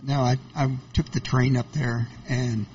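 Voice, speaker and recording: A man's voice: mid-range voice, flat delivery, a little slow, darkish tone, husky, muffled recording. A man co-hosting a casual interview, telling anecdotes and laughing along.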